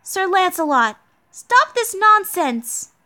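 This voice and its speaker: A woman's voice: very high voice, sing-song, measured pace, bright, forceful tone, voice pushed up, exaggerated voice. A woman voicing an earnest young female shield knight with an emphatic, determined delivery while reading a game story aloud. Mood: resolute.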